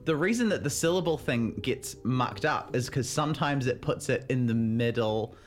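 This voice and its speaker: A man's voice: medium pitch, animated, normal speed. A man talking as an expert guest on a radio chat show, explaining eagerly with chuckles and fillers. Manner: enthusiastic, chuckles while explaining, many fillers.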